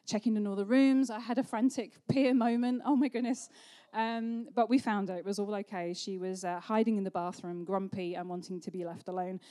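A woman's voice: mid-range voice, dark tone. Lady pastor, 30s, chatty sermon story, lots of ums.

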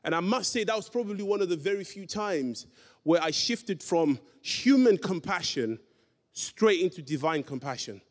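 A man's voice: high-pitched, lively intonation, moderate pace. A man preaching a sermon, telling a story and acting out the dialogue with emphatic delivery. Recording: long hall reverb.

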